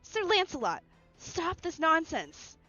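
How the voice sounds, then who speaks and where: An earnest young female shield knight, impassioned and resolute, as a woman puts her on. The voice sits well above the reader's own, bright and cutting. Faint music sits under dull, lo-fi stream audio. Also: very high voice, big pitch swings, slow, pitched above the performer's own voice, full character voice. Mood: indignant. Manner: raised, impassioned declamation.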